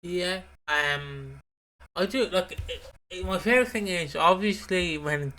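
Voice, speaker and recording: A man's voice: sits high, measured pace, sharp tone. A man co-hosting a podcast, talking animatedly in casual chat and swearing now and then. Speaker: podcast co-host.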